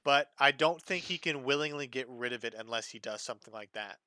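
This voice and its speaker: A man narrating a tabletop game as its game master, his voice bright and forceful. He tells the scene in a relaxed, halting way, full of small fillers. The sound is dry and close. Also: mid-range voice, dry recording.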